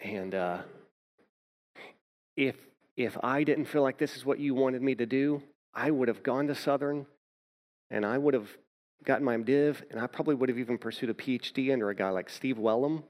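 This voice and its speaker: A man's voice: medium pitch, moderate pace, a little mellow. A man pastor preaching a sermon, telling a personal story and often repeating words as he starts a thought.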